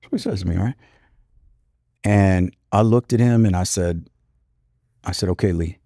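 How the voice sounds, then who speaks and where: A man in his fifties with a deep, low voice recounts a personal story as a podcast guest. He speaks in an earnest, reflective way, often pausing with "you know." The recording sounds close and dry, with no room echo. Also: dark tone. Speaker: podcast guest, retired police commander.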